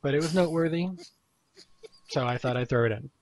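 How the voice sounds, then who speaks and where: A man's voice: medium pitch, fairly quick. A man hosting a casual live gaming podcast, rambling in a laid-back way with small chuckles. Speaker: podcast host.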